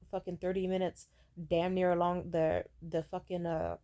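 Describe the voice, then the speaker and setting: A woman's voice: fairly low pitch, dark tone. A young woman telling dating stories in a casual rant, blunt, profane and sarcastic, mocking people in put-on voices. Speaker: storyteller vlogger. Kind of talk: casual ranting storytime.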